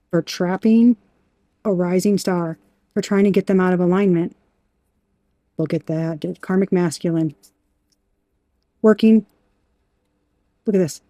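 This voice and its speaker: A woman giving a tarot reading in an emphatic, animated way, talking straight to the viewer and swearing now and then. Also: medium pitch, dry recording. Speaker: tarot reader.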